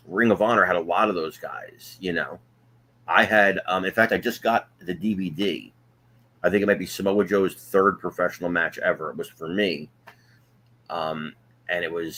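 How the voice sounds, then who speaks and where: A man's voice: low voice, a bit bright, slight background noise. A man with a New Jersey accent, a former wrestling promoter co-hosting a casual chat show, rambling through stories with lots of fillers. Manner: rambling storyteller, frequent fillers. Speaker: wrestling promoter and podcast co-host.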